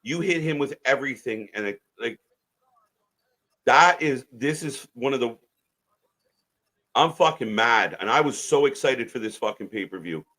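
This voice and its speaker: A man's voice: medium pitch, expressive, normal speed, pauses often, fairly bright tone. Disgusted man bluntly swearing at a wrestling show. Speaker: co-host of a live wrestling watch-along. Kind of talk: profane live commentary chat.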